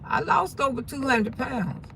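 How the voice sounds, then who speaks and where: A woman's voice: high-pitched, animated, unhurried, poor audio. A woman, talking in a candid, folksy and blunt way on a casual livestream, swearing freely. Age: 60s. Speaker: livestream host. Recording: loud traffic noise behind.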